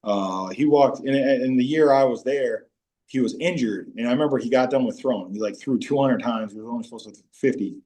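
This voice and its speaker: A man in his forties, a former pro football player, telling animated stories as a podcast guest and breaking into high-pitched voices when quoting teammates. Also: brisk. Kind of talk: casual storytelling interview.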